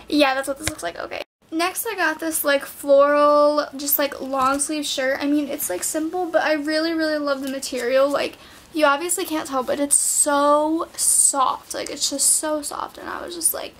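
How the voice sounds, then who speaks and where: A woman's voice: high voice, unhurried, fairly bright tone, slight background noise. A teenage girl chatting at home in a clothing haul vlog, bubbly and full of "like"s. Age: late teens. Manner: bubbly, chatty, filler-heavy talk with many "like"s. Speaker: vlogger. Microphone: built-in camera mic.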